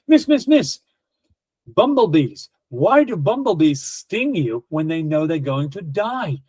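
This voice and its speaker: Guy doing an excited little schoolboy, high voice, begging miss to let him ask. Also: a little slow, no room sound. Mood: eager. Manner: excited, pleading for the teacher's attention. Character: eager young schoolboy asking questions.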